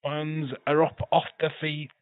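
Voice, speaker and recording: A man's voice: fairly high pitch, monotone, unhurried, no room sound. Man streaming casual wrestling commentary, phone-like sound. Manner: chatty, profane, laughs often. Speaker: watch-along streamer. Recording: tinny phone-like dry sound.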